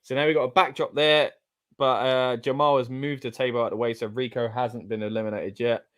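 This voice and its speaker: English guy doing casual wrestling watch-along chat, gets loud and excited. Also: mid-range voice, fairly quick. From England. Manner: excitable, chatty, loud exclamations. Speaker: co-host.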